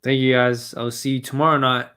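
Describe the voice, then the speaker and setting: A man's voice: mid-range voice, little pitch movement, brisk, bright, forceful tone, smooth. A man with an Australian accent chatting and ranting casually on a stream, swearing often. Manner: ranting, swearing, mumbling asides. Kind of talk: casual profane stream chat.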